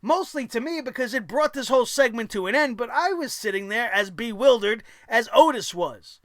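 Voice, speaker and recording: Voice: high-pitched, expressive, moderate pace, bright, forceful tone, no room sound, studio quality. A vlogger ranting about a wrestling show in a profane, sarcastic, exasperated way.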